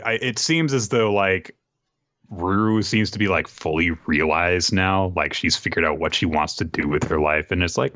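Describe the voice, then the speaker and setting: A man's voice: deep voice, sharp tone, no echo, muffled recording. A man co-hosting a podcast, chatting casually about a manga with a dry, filler-heavy delivery. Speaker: podcast co-host. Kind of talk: casual chat recapping a manga.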